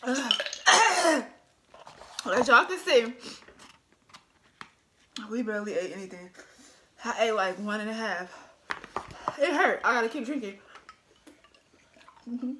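A young woman filming a casual eating-challenge vlog, complaining loudly and laughing about the burning heat. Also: a little high, expressive, takes it slowly, long pauses, noisy background. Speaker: vlogger.

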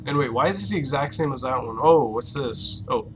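A young man commentating a horror game let's play, swearing a lot and reacting loudly with jumpy outbursts. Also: mid-range voice, lively intonation, brisk, soft background music. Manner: loud, profane, jumpy reactions. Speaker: gaming YouTuber.

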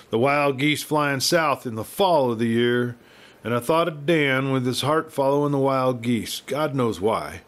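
A man's voice: medium pitch, close to an everyday voice. Guy doing a frail old western rancher, feeble rustic drawl, worn out and pleading. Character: old frail male cattleman, weary, pleading.

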